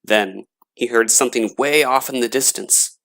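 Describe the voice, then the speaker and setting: A man narrating a scary story in a slow, dramatic reading voice. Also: medium pitch, fairly even intonation, a bit bright.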